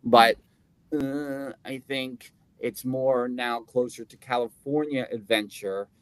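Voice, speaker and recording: Male podcast co-host, mid-pitch, rambling and jokey, dry close-mic recording. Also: fairly even intonation, takes it slowly, clear, resonant tone, no room sound. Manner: rambling, self-interrupting, jokey. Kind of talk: casual chat.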